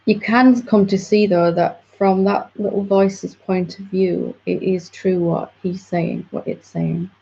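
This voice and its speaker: A woman's voice: medium pitch, fairly even intonation, measured pace, gravelly, few pauses, mellow. A woman spiritual teacher patiently explaining to a student in a reflective satsang dialogue. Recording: dull lo-fi audio.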